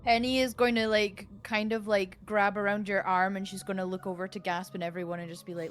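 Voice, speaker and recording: A woman's voice: mid-range voice, level tone, fairly quick, hardly any pauses. Woman playing a tabletop game. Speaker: player. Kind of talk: casual play chat.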